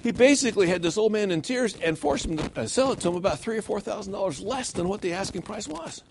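A man preaching a sermon in a church, animated and rhetorical, often checking in with "okay?". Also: high voice, fast talker, creaky, a little hiss or hum. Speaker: pastor.

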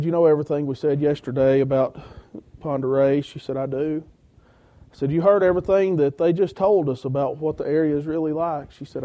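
Male preacher, sermon storytelling, high-pitched but warm and mellow. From Georgia. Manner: storytelling with many quoted exchanges, rising intensity when quoting others. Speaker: church-planting preacher. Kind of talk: sermon testimony.

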